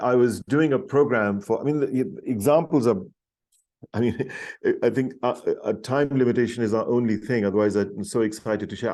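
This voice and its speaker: A middle-aged man telling a story as a podcast guest, animated and enthusiastic, often restarting his sentences. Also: mid-range voice. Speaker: podcast guest, leadership author. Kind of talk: storytelling in an interview.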